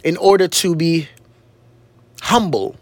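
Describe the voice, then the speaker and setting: A man delivers a fervent solo podcast monologue in a fairly high voice, unhurried and deliberate. He circles back on his phrases, hammering them home, and throws out rhetorical questions like a preacher. The sound is close and dry, with no room around it. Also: animated, no room sound. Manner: emphatic, repeats phrases for effect. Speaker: podcast host. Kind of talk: impassioned spoken monologue.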